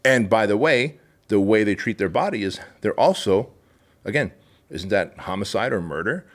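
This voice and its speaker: Emphatic low-voiced man, preaching hard. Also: lively intonation, normal speed. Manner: emphatic, forceful, swears and preaches. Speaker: podcast guest. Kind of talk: casual interview chat.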